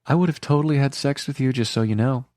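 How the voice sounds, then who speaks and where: A young woman in her twenties, newly bold and demanding, talks in an eager, breathless rush, as a male audiobook narrator puts her on. Her voice sits well above his own low register. It is read close to the mic in a dry studio. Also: fast talker, darkish tone, no room sound, natural voice. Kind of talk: audiobook character voice.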